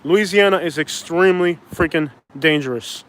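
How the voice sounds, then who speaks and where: A man's voice: fairly high pitch, moderate pace, a bit bright. Man rambling on a live stream outdoors. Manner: rambling, argumentative with viewers. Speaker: vlogger doing a live stream. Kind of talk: casual live-stream chat. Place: outdoors by a bridge.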